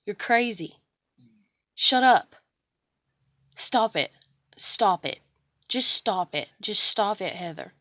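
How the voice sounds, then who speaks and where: A woman's voice: mid-range voice, lively intonation, takes it slowly, long pauses, bright, forceful tone, no echo, clean studio sound. A woman voicing a harsh, contemptuous family member who barks short angry orders. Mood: scolding. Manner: barking short angry commands.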